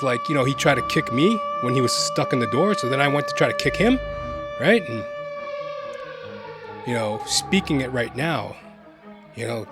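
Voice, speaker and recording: A man vlogging, telling a personal story in a casual, animated way and constantly checking in with the listener. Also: medium pitch. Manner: animated, keeps adding "right?".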